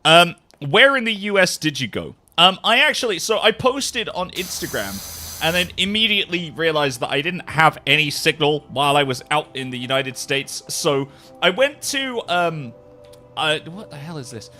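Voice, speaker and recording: Lively, bright-voiced man streaming to chat. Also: fairly high pitch, normal speed, soft background music. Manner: animated, swears freely, laughs often. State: jet-lagged. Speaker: live streamer. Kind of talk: casual livestream chat with viewers.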